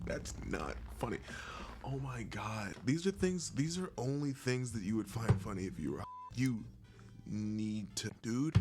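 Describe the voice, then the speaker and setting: A man's voice: on the low side, expressive, measured pace, music in the background. A man talking to camera in a casual vlog, rambling and jokey, swearing freely and breaking into laughs. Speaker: YouTuber.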